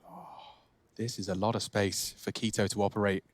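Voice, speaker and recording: A man casting a competitive shooter match live, with quick play-by-play that rises sharply on big moments. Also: background noise. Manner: excitable, rising in pitch on big plays. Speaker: esports caster. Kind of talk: play-by-play commentary.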